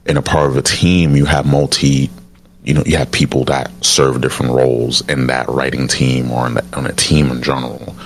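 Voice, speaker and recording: A man hosting a casual podcast discussion, speaking in a halting way with frequent restarts and fillers. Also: slight background noise. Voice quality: baritone. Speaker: podcast host.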